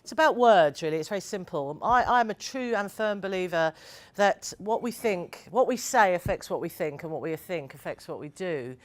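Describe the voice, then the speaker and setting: A woman's voice: on the low side, expressive, normal speed. A woman speaking to a live audience as a co-presenter, frank and opinionated in her plain-spoken way.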